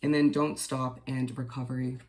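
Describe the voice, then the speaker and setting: A man giving a casual daily tarot reading to viewers, gentle and reassuring, unhurried and dotted with fillers. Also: mid-range voice, flat delivery. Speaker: tarot reader.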